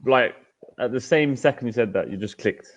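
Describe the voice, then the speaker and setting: A man's voice: mid-range voice, normal speed, dull audio, a loud crowd. A man hosting a live online show, chatting casually and telling stories with a teasing tone. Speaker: host.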